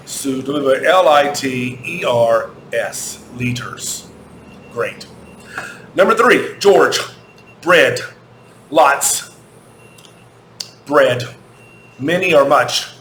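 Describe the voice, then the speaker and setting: An American man teaching an English grammar lesson to children, repeating questions slowly and spelling words out letter by letter. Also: mid-range voice, a bit bright. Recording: echoey room, faint background hum.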